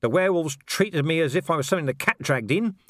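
A man's voice: on the high side, expressive, fast, a bit bright, voice pushed up. A man voicing a blunt, weary commander of the city watch who speaks dryly and impatiently. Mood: grumbling, wry.

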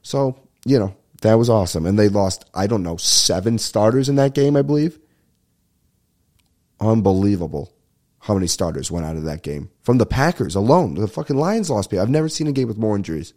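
A young man hosting a casual solo podcast, ranting and telling a story in a profane, rambling, animated way. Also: on the low side. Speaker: podcast host. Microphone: podcast microphone at a desk.

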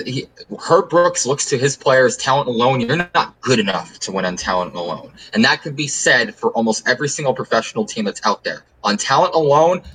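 This sports podcast host makes his case casually but emphatically, circling back to the same words as his argument builds. His mid-range voice is fairly bright with a breathy edge, on a low-quality recording.

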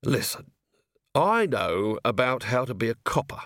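A man voicing a weary, blunt watch commander with a dry, deadpan manner, in an audiobook reading. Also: mid-range voice, measured pace, no room sound. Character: weary gruff middle-aged male city watch commander. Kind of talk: audiobook character voice.

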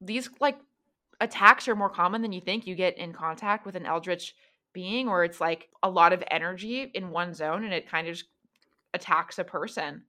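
A woman's voice: lowish voice, moderate pace, bright, forceful tone. Woman voicing a matter-of-fact magic expert. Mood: explaining. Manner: casual, explaining.

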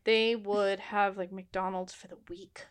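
A woman's voice: medium pitch, unhurried, clear, resonant tone. A woman chatting casually on a podcast, telling stories and putting on voices when she quotes people. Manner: animated storyteller, puts on voices for quotes. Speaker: podcast co-host. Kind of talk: casual chat.

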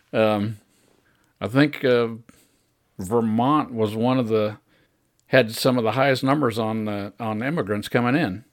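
A man's voice: medium pitch, no room sound, clean studio sound. A man hosting his own podcast, talking through his opinions in a rambling, conversational monologue with frequent chuckles. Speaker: podcast host.

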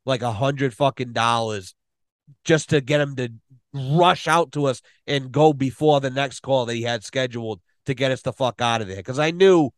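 A man telling a long story on a podcast, animated and full of swearing. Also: mid-range voice, moderate pace, no room sound. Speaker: podcast guest. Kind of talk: casual storytelling.

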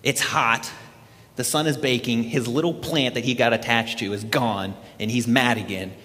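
A man preaching a sermon, retelling a scripture story in an animated storytelling way. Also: mid-range voice, normal speed, big-room sound. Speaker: pastor.

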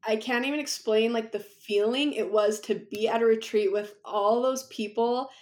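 A woman's voice: on the high side, normal speed, darkish tone. A young woman talking as a podcast guest in a chatty, rambling way, laughing often. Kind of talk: casual conversation.

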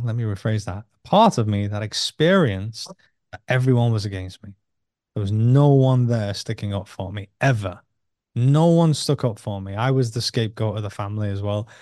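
A man of middling pitch speaks in a relaxed, conversational way as a podcast guest. He retells his own inner dialogue in animated bursts, often jumping higher and swearing freely. The recording is dry and close, with no room sound. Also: dry recording. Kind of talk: casual conversational storytelling.

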